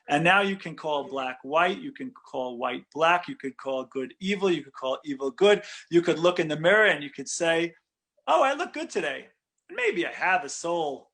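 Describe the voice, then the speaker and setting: High-voiced man teaching with lively energy. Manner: conversational, with frequent "right?" check-ins and restarts. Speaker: rabbi. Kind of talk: animated Torah lecture.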